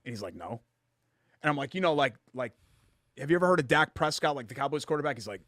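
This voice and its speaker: A man's voice: mid-range voice, expressive, a bit bright, no room sound. Chatty male sports-show co-host, dry studio sound. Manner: chatty storyteller, quick asides. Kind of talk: casual sports talk show chat.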